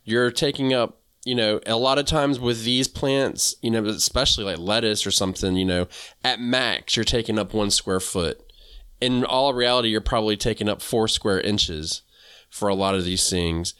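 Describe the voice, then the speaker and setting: A man co-hosting a casual gardening chat, rambling along with plenty of fillers. His voice sits low and sounds smooth and resonant. The sound is dry and close. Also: normal speed, dry recording. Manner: relaxed, rambling, many fillers. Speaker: podcast co-host.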